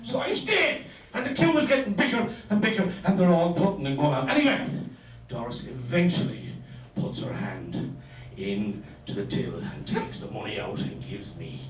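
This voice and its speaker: A man doing stand-up, telling a story in an animated, swearing, exaggerated way. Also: on the high side, moderate pace. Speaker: stand-up comedian. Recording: roomy sound from a distant mic.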